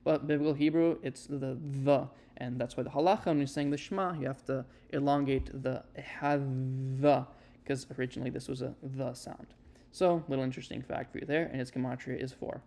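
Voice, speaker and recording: A man giving a casual spoken lesson, explaining and demonstrating sounds with relaxed fillers. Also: mid-range voice, fairly quick, creaky. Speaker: Hebrew teacher.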